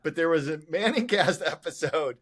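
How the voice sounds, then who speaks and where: A man co-hosting a casual podcast chat, easygoing and quick to chuckle. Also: a little high, lively intonation, fairly bright tone, faint music behind. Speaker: co-host.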